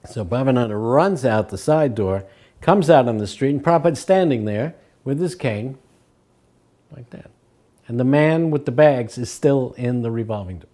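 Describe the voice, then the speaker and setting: An older man sharing remembered anecdotes, his voice mellow and dark. He slips into quoted voices and lets a chuckle through as he goes. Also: mid-range voice, animated, normal speed. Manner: acts out quoted voices, chuckles between stories. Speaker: devotee recalling memories. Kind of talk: anecdotal storytelling.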